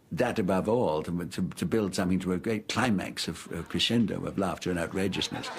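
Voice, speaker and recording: A man in a documentary interview, speaking haltingly and repeating words as he thinks. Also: low-pitched, slightly rough. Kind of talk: reflective interview.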